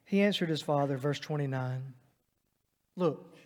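High-voiced preacher man in a reverberant hall. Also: lively intonation, a little slow. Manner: dynamic, swings from loud emphatic to hushed. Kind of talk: sermon. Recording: long reverb of a large hall.

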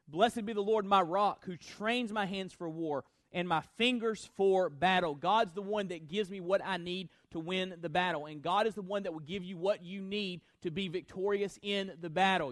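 A man's voice: high-pitched, no room sound. A male pastor preaching a sermon to his congregation, building emphasis and speaking directly to the listeners.

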